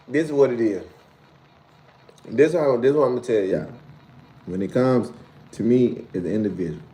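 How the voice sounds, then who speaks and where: A man hosting a casual live stream, reading viewer comments with loose slangy talk and frequent laughter, jumping to a high incredulous pitch when he teases. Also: dark tone, a little hiss or hum.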